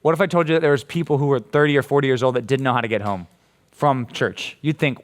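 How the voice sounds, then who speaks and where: A man with an American accent preaching a casual, playful sermon to junior high students, often checking in with questions. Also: fast talker. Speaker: junior high youth pastor. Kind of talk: youth sermon.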